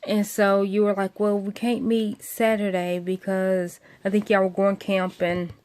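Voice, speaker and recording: A woman's voice: mid-range voice, flat delivery, a little slow, darkish tone. A young woman, telling a friend a long story in a casual, rambling way, full of fillers and acted-out quotes. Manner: rambling, many fillers, acts out quoted voices.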